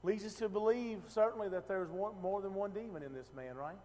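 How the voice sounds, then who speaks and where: This is a man teaching scripture in a loose, chatty way, full of restarts and questions like "right?" thrown to the room. His voice sits high for a man. A long reverb trails behind him. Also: brisk, a little mellow. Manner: conversational, asks the room questions, many restarts. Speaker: preacher. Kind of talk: casual Bible teaching.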